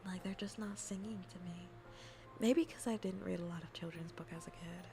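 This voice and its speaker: A woman streamer chatting casually and playfully with her viewers, often dropping into a soft whisper. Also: on the low side, fairly even intonation, moderate pace, music in the background.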